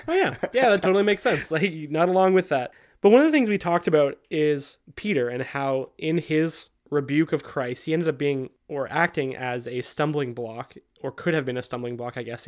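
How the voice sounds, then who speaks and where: A man co-hosting a podcast who leads the discussion with questions in a chatty, upbeat way. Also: on the high side. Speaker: podcast co-host. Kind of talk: casual theological discussion.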